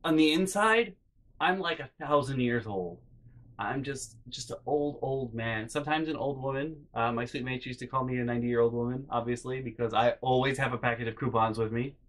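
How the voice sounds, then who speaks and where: A young man telling comedic personal stories in a rambling, animated way, with loud acted-out outbursts. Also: medium pitch, fairly quick. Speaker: storytelling vlogger.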